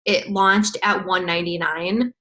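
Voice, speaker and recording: Bubbly lady coach, bright voice, gushes when acting out client chats. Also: on the low side, steady tone, a little slow, rough recording. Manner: bubbly, acts out chats in gushing tones. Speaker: coach teaching sales follow-up. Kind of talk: casual screen-share training.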